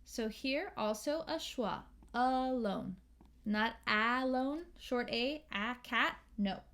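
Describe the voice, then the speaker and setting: An American woman teaching English pronunciation, slowly and carefully modeling sounds and words. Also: a little high, lively intonation, a bit bright. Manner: slow, careful, models sounds and sings lines. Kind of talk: pronunciation lesson with sung examples.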